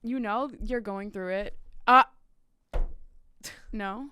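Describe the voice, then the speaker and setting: A young woman from Boston co-hosting a casual comedy podcast, tossing off dark jokes in a dry, offhand way between giggles. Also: mid-range voice, takes it slowly, a little hiss or hum. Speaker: podcast co-host.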